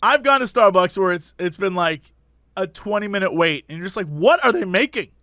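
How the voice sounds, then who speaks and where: A man's voice: high voice, brisk, sharp tone, no echo, studio quality. A man co-hosting a podcast, chatting casually and ranting animatedly about pet peeves. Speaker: podcast co-host. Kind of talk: casual chat.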